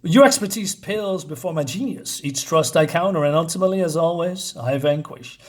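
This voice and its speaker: A man's voice: on the high side, animated, brisk, natural voice. A man reading aloud the lines of a grand, cruel female villain leader from a comic, in a slightly raised voice close to his own. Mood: proclaiming.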